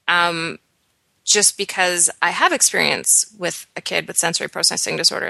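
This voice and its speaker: Woman podcaster, lowish gravelly voice, bright edge, thinks out loud with lots of ums. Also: no room sound. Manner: measured, thoughtful, many "um" pauses. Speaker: podcast co-host and blogger. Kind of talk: casual explanatory chat.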